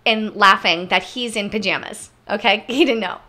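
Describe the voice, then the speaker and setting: A woman co-hosting a travel podcast, telling stories in a lively, chatty way and speaking straight to her listeners. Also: medium pitch, moderate pace. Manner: animated storyteller, addresses listeners directly. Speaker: podcast co-host. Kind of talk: casual travel story chat.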